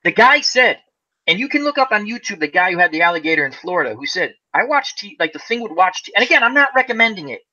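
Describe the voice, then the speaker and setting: A man hosting a casual fireside chat, telling a long story in an animated way, acting out the voices of the people in it and laughing often. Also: high-pitched, quick pace. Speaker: host. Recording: lo-fi muffled audio.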